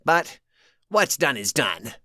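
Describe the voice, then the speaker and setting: A man's voice: medium pitch, big pitch swings, slow, pushed and bright, no echo, pitched above the performer's own voice, full character voice. Man as a stern older woman, cold, commanding, dry sound.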